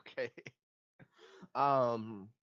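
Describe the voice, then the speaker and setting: A man's voice: medium pitch, muffled recording. A man narrating a tabletop game as game master, hesitant with many ums and restarts.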